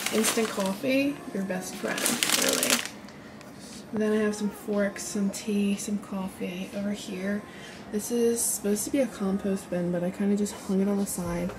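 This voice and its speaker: A woman's voice: medium pitch, vocal fry. A college-age woman casually showing off her small dorm room in a chatty vlog, with lots of "like" fillers. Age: early 20s. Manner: chatty, lots of "like", says she is winded. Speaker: college student vlogger. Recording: music playing under the voice. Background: music.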